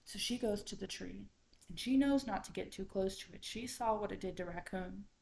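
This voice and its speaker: A woman's voice: medium pitch, moderate pace, vocal fry, low-quality recording. A woman retelling a folktale aloud without a book. She tells it expressively and drops into whispers at the tense moments. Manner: expressive, dropping into whispers for suspense. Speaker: student storyteller.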